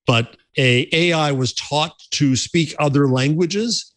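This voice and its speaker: A man's voice: fairly high pitch, takes it slowly, no echo. Guy cohosting a tech show, tells stories, trips over his words a bit, dry close sound. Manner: animated storyteller, restarts phrases. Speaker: podcast co-host. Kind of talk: casual tech chat.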